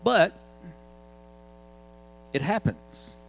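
A man's voice: high voice, big pitch swings, extremely slow, rough recording. A man, preaching in a casual, joking storytelling way. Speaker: guest preacher. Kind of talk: sermon storytelling.

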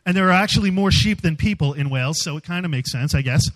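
Animated, self-mocking man telling a story. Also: on the high side, fast talker, low-quality recording. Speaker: youth speaker. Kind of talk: humorous storytelling sermon.

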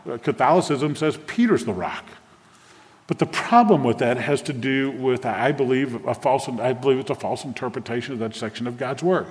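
A man's voice: mid-range voice, normal speed, darkish tone. A man, a pastor preaching a sermon to a congregation, engaging them with questions. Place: church sanctuary with a congregation. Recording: long hall reverb from a church.

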